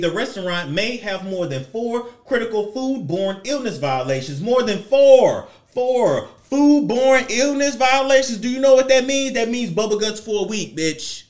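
A man giving a sassy, profane, theatrical commentary rant, swinging his pitch and volume around. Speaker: commentary vlogger.

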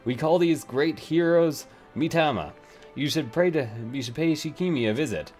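A man's voice: a little high, lively intonation, normal speed, darkish tone, faint music behind, voice pushed up, natural voice. A man reading aloud the lines of a stern male village captain in a game, with formal, dutiful delivery. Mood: instructive.

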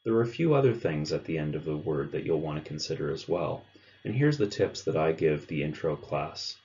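A man with a very low, deep voice explains pronunciation step by step in a clear, measured way. The recording sounds a little dull and lo-fi. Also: expressive, a little mellow. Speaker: language teacher. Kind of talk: instructional narration.

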